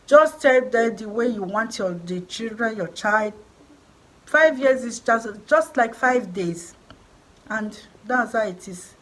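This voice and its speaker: A woman's voice: on the high side, slow pace, poor audio. A middle-aged woman with a Nigerian accent, talking emphatically to her viewers in a repetitive, preaching vlog style. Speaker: vlogger. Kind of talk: encouraging vlog talk.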